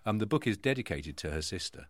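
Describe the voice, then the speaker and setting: A man with a low voice that swings widely in pitch, telling anecdotes with playful enthusiasm. His voice is close and dry, recorded outdoors in a small park. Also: sing-song, fast talker, no echo. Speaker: podcast co-host. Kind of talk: casual storytelling chat.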